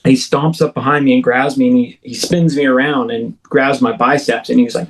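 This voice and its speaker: Speaking a little fast with few pauses, this thirties-aged man has a medium pitch and fairly even intonation. He's a guest in an interview, vividly relating something that happened to him while repeatedly breaking off and beginning again. The audio is poor.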